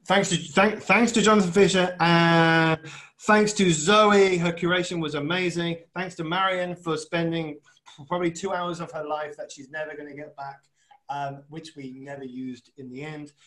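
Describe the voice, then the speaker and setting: A podcast co-host chats casually in a slightly high, steady, fairly bright voice at a moderate pace, asking long, rambling questions in a chatty, self-deprecating way. The audio is poor.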